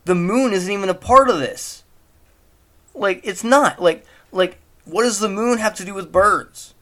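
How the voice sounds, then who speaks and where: A man's voice: high-pitched, measured pace, bright, forceful tone. A man giving casual spoken commentary on a movie at home, mocking it with incredulous rhetorical questions. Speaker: movie reviewer. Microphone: home recording.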